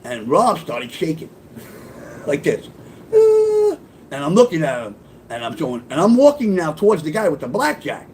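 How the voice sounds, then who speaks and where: A man's voice: fairly high pitch, wildly swooping pitch, moderate pace, darkish tone, slight background noise. A man telling a personal story in a casual, profane, punchy street-talk way. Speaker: storyteller and author.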